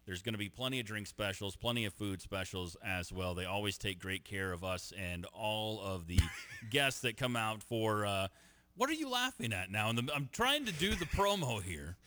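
A man hosts a sports talk radio show, his voice bright and bouncing through a wide pitch range. He jokes with his co-hosts and slips into promo reads between the banter. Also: moderate pace. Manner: joking, animated, reads promos. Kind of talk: casual sports radio chat.

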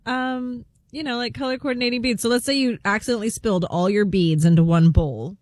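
A woman co-hosting a radio show, chatting in a laid-back, soft-spoken way. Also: on the high side, fairly even intonation, brisk, no echo. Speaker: radio co-host. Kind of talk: casual on-air chat.

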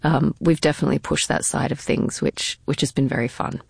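A middle-aged woman actor in a conversational interview, talking in an animated way, laughing often and restarting her phrases. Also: sits low, fairly quick, gravelly, husky, no room sound, studio quality. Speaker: stage and film actor, interview guest.

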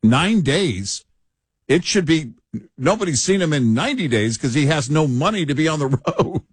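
A man co-hosting a political talk show, making his points forcefully and building them up in lists. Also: fairly high pitch, lively intonation, moderate pace, husky, no room sound, studio quality. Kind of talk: conversational political commentary.

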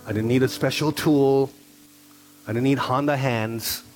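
A man's voice: medium pitch, steady tone, a little slow, darkish tone. A middle-aged man pastor giving a sermon, telling stories and acting out dialogue, repeating phrases for emphasis.

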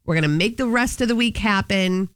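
A woman's voice: mid-range voice, fairly quick, clear, resonant tone, no echo. Brief: woman co-host, casual storyteller who laughs a lot, dry close sound. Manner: chatty storyteller, laughs often. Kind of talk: casual chat.

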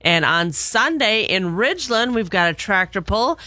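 Chatty male co-host, bright tone, dry close mic. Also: high voice, expressive, moderate pace, no room sound. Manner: chatty, reads listings, stumbles over place names. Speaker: radio co-host. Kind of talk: casual radio chat and event listings.

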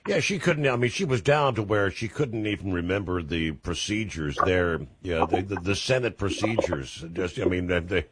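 A man's voice: low-pitched, moderate pace, few pauses, slight background noise. A man hosting a talk radio show, giving folksy, opinionated commentary full of fillers.

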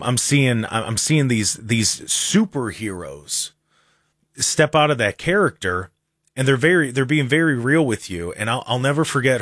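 A man's voice: mid-range voice, a bit bright, no room sound, clean studio sound. A man hosting a talk show in casual chat, earnest and prone to repeating words as he talks. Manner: earnest, repeats and restarts words when talking. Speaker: radio talk show host.

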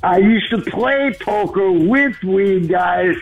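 An excitable man calls in over a tinny phone line. His voice sits very high and he speaks slowly, earnest and quick to laugh. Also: vocal fry, breathy edge, soft background music. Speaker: caller. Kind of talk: call-in radio segment.

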